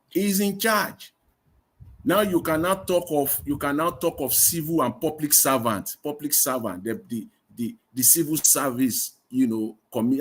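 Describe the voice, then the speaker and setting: A man's voice: on the high side, husky. A Nigerian man hosting a live political talk stream, emphatic, hammering points home and talking over callers. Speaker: host.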